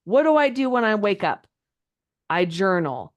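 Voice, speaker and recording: A woman coaching a group live on a video call, chatty and animated, her voice jumping up when she gets excited. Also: mid-range voice, a little slow. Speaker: social media coach. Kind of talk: live online coaching session.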